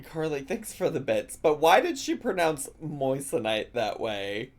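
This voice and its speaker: A man's voice: fairly high pitch, sing-song, a little slow. A man giving casual, playful live-stream commentary on a video, laughing often and drawing out words in mock pronunciations. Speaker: reaction streamer.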